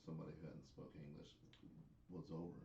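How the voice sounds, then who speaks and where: Deep-voiced man, halting chat. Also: level tone, gravelly, mellow, far from the mic, a little hiss or hum. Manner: halting, repeats words as he thinks. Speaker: co-host. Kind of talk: casual wrestling chat on a live stream. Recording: echoey, dull sound.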